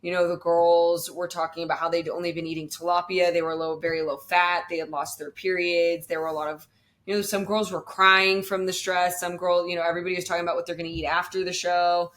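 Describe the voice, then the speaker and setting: A woman's voice: on the low side, level tone, fairly quick, fairly bright tone. A young woman talking casually about her bodybuilding prep, chatty and full of fillers. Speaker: bodybuilding competitor, guest. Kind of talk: casual podcast chat.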